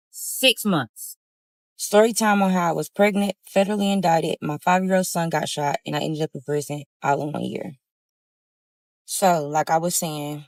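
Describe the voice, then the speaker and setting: A woman's voice: low-pitched, no room sound. Young woman telling a story time, dry sound. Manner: animated, addresses listeners as y'all.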